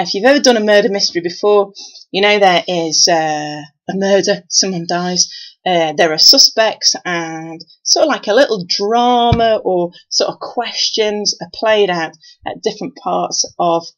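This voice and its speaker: A woman's voice: fairly low pitch, a bit bright, low-quality recording. A woman organising an event, talking in a casual, rambling video message full of fillers. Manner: chatty, rambling with many fillers.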